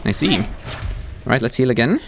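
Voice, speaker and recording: A man's voice: medium pitch, moderate pace, vocal fry, a little hiss or hum. A man doing live gameplay commentary as a streamer, talking back to the game's characters. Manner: animated, talks to the game characters.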